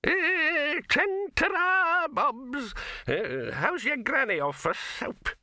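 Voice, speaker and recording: A cackling, toothless old wizard squeaks high above his speaking voice, mumbling and quavering with a crafty edge. His wavering voice is dry and close, with no room around it. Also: expressive, takes it slowly, sharp tone, no echo, heavily acted. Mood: gleeful. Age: older.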